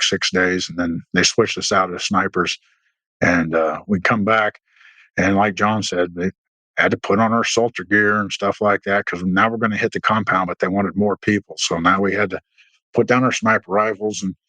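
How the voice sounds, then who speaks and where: Bright and forceful in tone, a middle-aged military veteran shares war stories as a guest in a casual storytelling interview. He rambles anecdotally, restarting repeatedly and using fillers, and acts out the dialogue with raised pitch. The audio is dry and poor.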